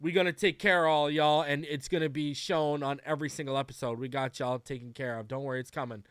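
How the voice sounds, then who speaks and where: Male podcast host, casual livestream chat, fairly high and smooth voice, talkative, lots of fillers. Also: steady tone, fast talker, fairly bright tone, no echo, studio quality. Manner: loose and chatty, greets viewers by name; frequent fillers and restarts.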